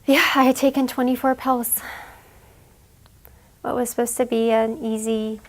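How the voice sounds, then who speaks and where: A young woman giving an emotional personal account in an interview, halting and full of "like"s. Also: a little high, fairly even intonation. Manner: halting, fillers, many "like"s.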